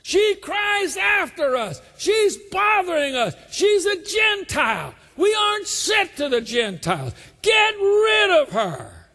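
A man voicing impatient, scornful male disciples who shout in high, shrill voices. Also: very animated, slow pace, hardly any pauses, in a large hall, exaggerated voice.

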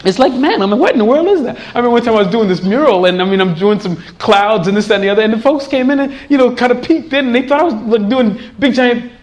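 Guy preaching, pretty high voice, gets animated and laughs a lot. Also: quick pace, hardly any pauses. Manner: animated, laughs often, acts out quoted voices. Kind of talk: sermon.

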